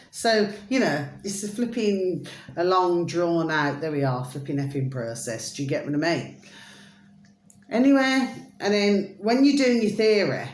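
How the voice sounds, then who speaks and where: A woman's voice: sits low, roomy sound, slight background noise. A British woman vlogging in a rambling, chatty monologue, full of pet phrases and sing-song asides. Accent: British English. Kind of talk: rambling casual monologue to camera.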